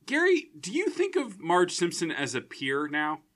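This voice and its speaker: Casting: male podcast host, bright tense tone, animated pitch, quick and playful. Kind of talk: casual comedic chat.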